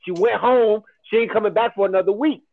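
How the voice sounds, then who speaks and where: A man's voice: high-pitched, brisk. A man telling a long story in casual podcast chat, swearing freely and quoting what others said. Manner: animated, swears often, quotes others in his story. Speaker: podcast guest. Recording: tinny phone-like sound.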